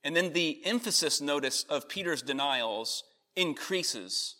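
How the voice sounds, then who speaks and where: A man preaching a sermon, earnest, rising in emphasis on key points and then softening. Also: a little high, expressive, measured pace. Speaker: pastor. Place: church in Connecticut.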